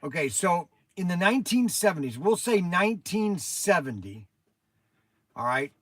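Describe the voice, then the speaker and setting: Rambling older man, higher voice. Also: big pitch swings, moderate pace, no room sound. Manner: rambling, chatty, addresses viewers by name. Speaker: toy shop host answering viewers. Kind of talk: casual livestream chat.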